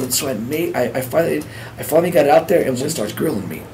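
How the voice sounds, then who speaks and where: A middle-aged man speaks in a mid-range voice, sharing his own story as personal testimony. He talks in a halting, earnest way, stumbling over words and starting sentences again. A faint hiss sits under the voice. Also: medium pitch, lively intonation, a bit bright, rough recording. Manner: halting, repeats words and restarts.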